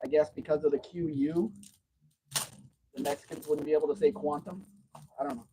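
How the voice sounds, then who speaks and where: A man's voice: on the high side, brisk, dark tone, slight background noise, poor audio. A man hosting a casual livestream from home, telling long rambling stories in a chatty way. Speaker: livestream host.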